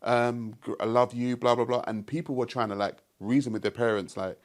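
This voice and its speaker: A man's voice: mid-range voice, brisk. A man, a guest commentator telling stories in casual conversation, wry and skeptical. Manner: wry, skeptical, animated storyteller.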